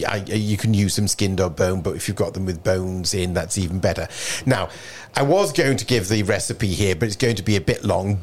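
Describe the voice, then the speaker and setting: A man's voice: sits low, slight background noise. A man, chatting enthusiastically about cookbooks as a guest, with plenty of ums and restarts. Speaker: radio guest reviewing cookbooks. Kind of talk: casual chat.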